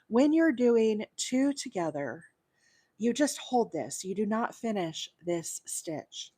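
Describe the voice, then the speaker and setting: A woman's voice: mid-range voice, darkish tone. A woman from Alabama hosting a live crochet tutorial, explaining stitches step by step and greeting viewers by name. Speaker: crochet livestream host.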